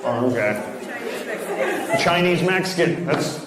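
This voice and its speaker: Man, stand-up comic, teasing and blunt, raised pitch, very noisy recording. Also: expressive, slow, a loud crowd. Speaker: stand-up comedian. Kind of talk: stand-up comedy with crowd work. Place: stage before a live audience. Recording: loud background noise.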